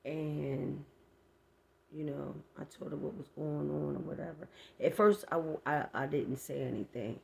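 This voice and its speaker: A woman's voice: deep voice, steady tone, measured pace, gravelly, slight background noise. A woman telling a personal story to her viewers in a casual storytime vlog, blunt and heavily profane, addressing them directly and acting out sounds as she goes. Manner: vivid retelling with sound effects. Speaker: storyteller vlogger.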